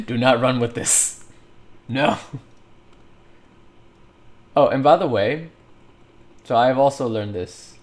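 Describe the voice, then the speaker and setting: Guy rambling on his stream while he works, super lively up-and-down voice, cracks himself up. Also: mid-range voice, slow, pauses often. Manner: animated and rambling, laughs often, thinks aloud. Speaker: livestreamer modeling in 3D software. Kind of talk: casual streaming chat while working.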